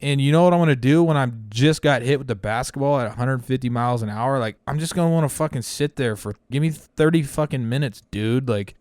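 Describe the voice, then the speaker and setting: A man's voice: mid-range voice, a little fast, hardly any pauses, darkish tone, no room sound. A man co-hosting a comedy podcast, telling rambling, profane stories in casual chat and acting out the quotes. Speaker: podcast co-host.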